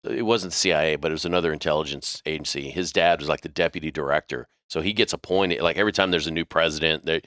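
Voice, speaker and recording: A man hosting a podcast, telling a story in a casual, profane, animated way. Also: extremely low pitch, quick pace, few pauses, no room sound, studio quality. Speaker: podcast host.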